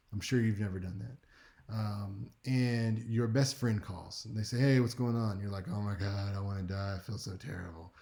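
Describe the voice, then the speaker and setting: A man with a fairly low voice runs a speech class as a laid-back, conversational lecture. Wry side comments come often, as do check-ins with his audience.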